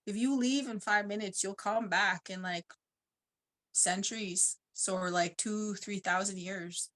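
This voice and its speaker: Kind, playful little people spirits, soft and reassuring, put on by a woman telling her story. They speak at a middling pitch with an easy, gentle manner. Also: steady tone, a little slow, close to an everyday voice.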